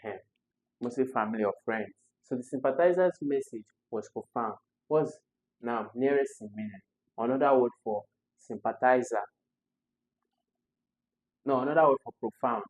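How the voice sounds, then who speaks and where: A man's voice: medium pitch, moderate pace, pauses often, rough recording. A man, tutoring students through English exam questions step by step and repeating the key words.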